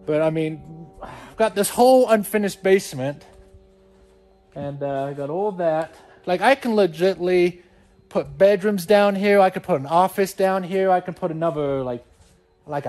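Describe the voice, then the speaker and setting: A man in his thirties, a dad hosting a family vlog, venting in an exasperated, rambling way full of fillers, filmed on a handheld camera at home. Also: fairly high pitch. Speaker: dad and family channel host. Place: family home, office and basement.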